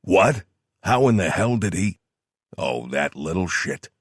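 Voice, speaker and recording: A man voicing a hot-tempered male commander on the phone, exasperated and loud. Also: sits low, big pitch swings, measured pace, husky, no room sound, studio quality, exaggerated voice.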